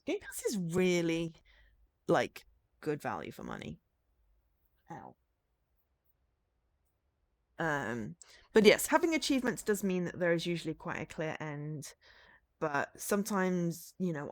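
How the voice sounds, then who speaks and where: A woman game streamer chatting casually with her viewers, rambling with lots of fillers and easy laughs. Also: lowish voice. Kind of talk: casual gameplay chat.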